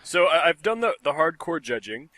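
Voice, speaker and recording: A man's voice: a little high, sing-song, moderate pace, sharp tone. A young man hosting a casual podcast, joking and teasing his guests and laughing often. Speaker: podcast host.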